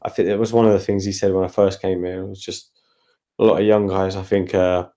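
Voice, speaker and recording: A young man, a guest fighter, chatting casually in a rambling, relaxed way on a video call. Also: low voice, brisk. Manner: relaxed, rambling, laughs while telling stories. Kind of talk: casual interview chat.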